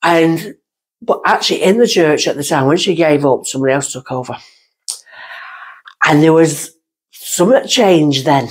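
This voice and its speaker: A middle-aged woman with a slightly husky voice talks as a guest on a podcast. She tells her stories in an animated, casual way and slips into little voices for the people in them. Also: low-pitched, moderate pace, long pauses. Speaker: guest medium. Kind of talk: casual storytelling chat.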